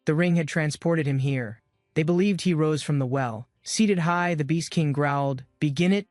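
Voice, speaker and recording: A man's voice: a little high, moderate pace, no echo, studio quality, faint music behind. A man giving scripted, dramatic narration of a comic-book recap.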